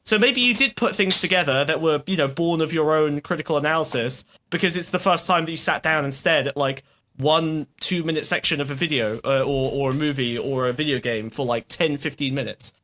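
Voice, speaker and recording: A man co-hosting a casual commentary chat, with a high, bright voice. He rambles on sarcastically and swears freely. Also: fairly quick. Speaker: co-host.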